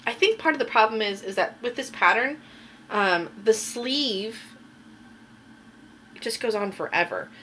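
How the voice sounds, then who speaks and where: A woman's voice: mid-range voice, sharp tone, a little hiss or hum. A woman hosting a knitting podcast, chatting casually and rambling a little with plenty of ums as she shows her finished projects. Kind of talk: casual show-and-tell chat.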